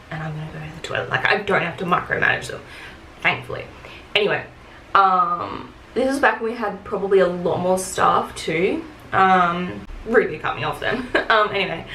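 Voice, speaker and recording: A woman's voice: mid-range voice, fairly bright tone, a little hiss or hum. A woman telling retail work stories in a casual rant, frank and chatty, with plenty of fillers and swearing. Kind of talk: casual get-ready-with-me rant. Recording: echoey room with faint ambience.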